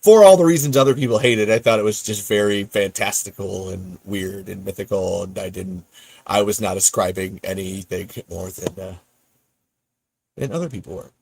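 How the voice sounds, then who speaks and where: A man's voice: low voice, moderate pace, creaky, a little mellow, breathy edge, no room sound. A man hosting a podcast in casual, rambling livestream chat, breaking off mid-thought and laughing often. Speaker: podcast host.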